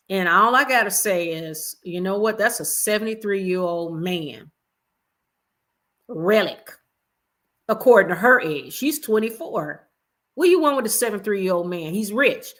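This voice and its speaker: Chatty woman hosting a livestream. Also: medium pitch. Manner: chatty, expressive, talks straight to viewers. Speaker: livestream host. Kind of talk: casual commentary chat.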